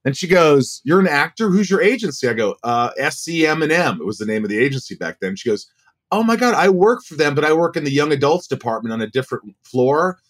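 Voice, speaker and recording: A man in his forties, a guest actor, telling stories in a casual, animated way and acting out the voices he quotes. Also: mid-range voice, fast talker, hardly any pauses. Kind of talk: casual storytelling.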